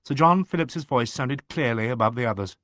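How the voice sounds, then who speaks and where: A man reading a mystery audiobook aloud in an expressive, animated narration. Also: medium pitch, fairly quick, no room sound, clean studio sound.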